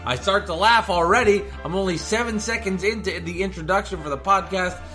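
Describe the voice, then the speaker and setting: A man's voice: high voice, brisk, sharp tone, soft background music. A man, hosting a casual podcast from his home garage, jokey and self-deprecating. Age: 30s. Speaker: podcast host. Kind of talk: casual podcast chat and host-read ads.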